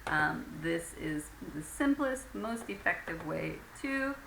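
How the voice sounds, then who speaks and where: A woman with a lowish, animated voice, slow delivery, vocal fry, and a fairly bright tone leads an English conversation lesson. Patient and filler-heavy, she acts out phrases as examples in this recorded lecture, set in an echoey room with faint ambient noise.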